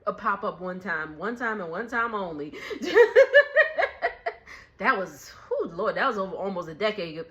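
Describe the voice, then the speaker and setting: A woman recapping a reality show in a casual, animated way, laughing often and acting out what people said. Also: mid-range voice, moderate pace, lo-fi sound. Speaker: recap vlogger.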